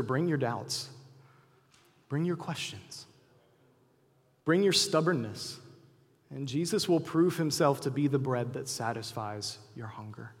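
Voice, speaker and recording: Earnest preacher in an echoey hall. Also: male voice, mid-range voice. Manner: earnest preaching with animated acted-out quotes. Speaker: pastor. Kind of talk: sermon.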